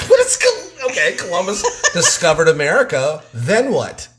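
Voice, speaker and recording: A man's voice: high-pitched, huge pitch swings, normal speed, background noise. A middle-aged man co-hosting a live stream, teasing and joking about himself. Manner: dry, self-deprecating teasing. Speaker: co-host, artist. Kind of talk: casual live-stream banter.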